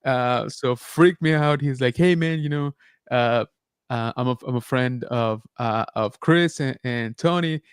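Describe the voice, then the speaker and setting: A man's voice: medium pitch, measured pace, clear, resonant tone, dry recording. Man, livestream host, casual chat, lots of fillers, dry close sound. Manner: chatty, many fillers, reads chat aloud. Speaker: podcast host.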